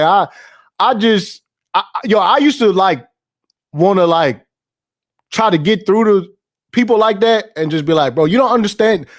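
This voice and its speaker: A young man hosting a casual stream, ranting in heavy slang with lots of swearing, repeats and laughs. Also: high voice. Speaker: podcast host. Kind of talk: casual livestream rant.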